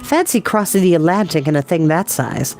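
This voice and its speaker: A man voicing a sensitive but spirited young girl in a read-aloud storybook, raising his voice high and plaintive. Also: expressive, a little fast, darkish tone, soft background music. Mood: squeamish.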